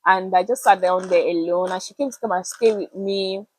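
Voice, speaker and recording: A young woman with a Nigerian accent, telling a personal story to camera in a chatty, animated way with pidgin words mixed in. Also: mid-range voice, normal speed, low-quality recording. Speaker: vlogger.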